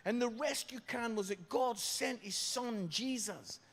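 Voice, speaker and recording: Man, British accent, preacher, very high pitch, gravelly, long hall reverb. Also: measured pace, fairly bright tone. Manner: storytelling, repeating phrases for emphasis. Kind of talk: evangelistic sermon with a story. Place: large church hall.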